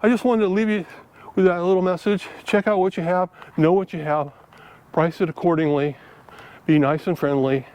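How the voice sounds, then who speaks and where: A man's voice: high voice, fairly even intonation, moderate pace, darkish tone, smooth. An older man, a vlogger, telling a folksy story in casual monologue and acting out both sides of the conversations in his own voice. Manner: folksy, chatty, acts out dialogue in his own voice. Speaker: vlogger giving selling tips.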